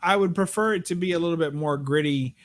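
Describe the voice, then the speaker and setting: A man's voice: fairly high pitch, fast talker. A man chatting casually on a livestream, blunt and profane as he airs his opinions. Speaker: livestream co-host. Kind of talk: casual chat.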